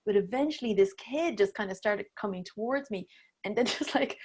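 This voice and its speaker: A woman's voice: medium pitch, fairly quick, a little mellow, husky. A woman in her thirties, a podcast guest, telling a personal story in casual interview talk, acting out her own inner voices with laughs and the odd swear. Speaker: podcast guest, breathwork teacher.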